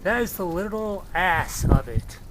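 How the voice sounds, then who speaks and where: A man with a fairly high voice gives an excitable, foul-mouthed running commentary while he films lightning from under a shelter. He taunts the storm with every flash. Steady rain noise is loud on the handheld camera recording. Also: normal speed. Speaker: vlogger filming a storm. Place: outdoors under a shelter in a rainstorm.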